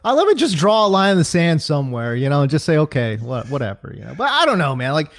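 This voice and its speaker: A man with a high, lively voice co-hosts a casual sports podcast. He rants in bursts, full of fillers and repeated words. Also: quick pace. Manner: animated ranting with many fillers and repeats. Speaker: fantasy football podcast co-host.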